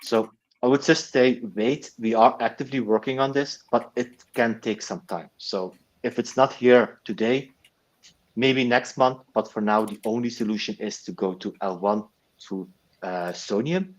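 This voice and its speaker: A man's voice: mid-range voice, a little slow, lo-fi sound. A man heading a foundation, earnestly explaining answers to community questions on a livestream call, often restarting his words.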